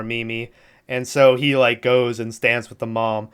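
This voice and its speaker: A man's voice: mid-range voice, fairly even intonation, normal speed, fairly bright tone, clean tone. A man co-hosting a podcast, casually recapping a movie plot in a rambling way, laughing often and acting out the characters' lines. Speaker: podcast co-host.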